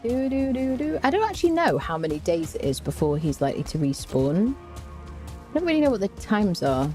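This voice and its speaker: A woman's voice: sits low, sing-song, brisk, a little mellow, faint music behind. Playful woman humming through gameplay. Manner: playful, chatty, hums little tunes to herself; greets chat viewers by name. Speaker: game streamer. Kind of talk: casual gameplay commentary.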